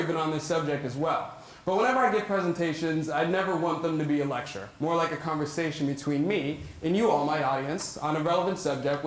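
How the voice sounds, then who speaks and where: Young guy talking to a crowd, kinda high voice, jokey and chatty, big echoey hall. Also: fairly bright tone. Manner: joking, self-deprecating, chatty. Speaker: public speaker on mental health. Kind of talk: live talk to an audience. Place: large echoey hall with audience.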